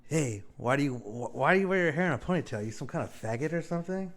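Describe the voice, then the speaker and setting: A man's voice: on the high side, expressive, quick pace. A man voicing a hostile, tattooed teenage boy who taunts a classmate. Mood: taunting. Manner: sneering, insulting.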